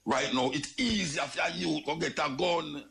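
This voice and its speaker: An older man with a Jamaican accent talking in a casual, animated monologue, exclaiming and repeating his phrases. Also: a little high, a little slow, creaky, soft background music. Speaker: radio talk host.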